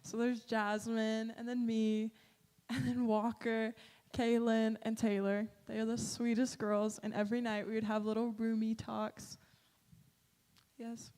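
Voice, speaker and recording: A woman speaks about her photos in a bubbly, giggly manner, with a fairly high voice. The sound carries the long reverb of a church sanctuary. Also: level tone, unhurried, mellow. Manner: bubbly, giggly, uses "like" and "literally". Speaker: mission trip presenter. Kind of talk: casual slideshow presentation.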